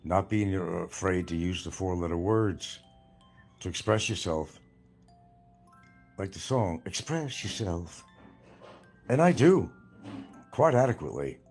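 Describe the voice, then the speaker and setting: An older man with a mild New York accent talks in a loose, rambling monologue, blunt and quick to swear. His voice sits fairly low. Faint music plays softly behind him. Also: expressive, creaky, husky. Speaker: vlogger. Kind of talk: casual monologue.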